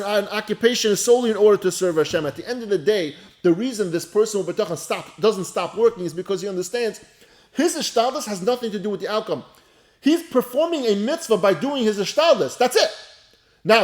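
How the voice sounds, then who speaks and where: Man teaching a Torah class, fairly high voice, reads Hebrew lines then explains them casually. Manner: conversational and repetitive, speaks straight to listeners.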